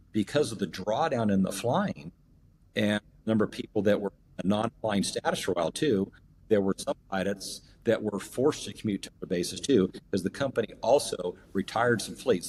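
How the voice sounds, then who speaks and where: Low-voiced man telling a long story. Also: husky. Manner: rambling, many fillers and restarts. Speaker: airline captain and union rep, podcast guest. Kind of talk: storytelling in an interview.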